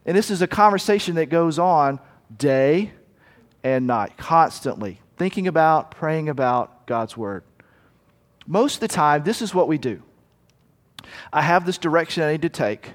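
A male pastor delivers a conversational sermon in a somewhat higher register. He drops into murmured asides and quick acted-out moments. His voice carries a long reverb from the hall. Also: animated.

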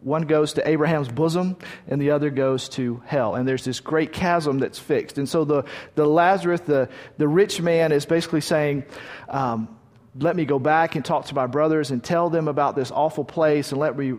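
A man delivers a sermon, reading scripture aloud and retelling it in plain, conversational words. His voice sits a little high for a man. It rings out in a hall with a long reverb tail. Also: a little mellow. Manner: conversational, retells stories with restarts. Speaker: preacher.

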